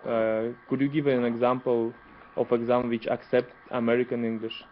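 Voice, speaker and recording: Hesitant man speaking flatly on a call. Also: mid-range voice, moderate pace. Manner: hesitant, many uhs. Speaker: student. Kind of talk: answering in an online class. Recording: muffled call audio with faint noise.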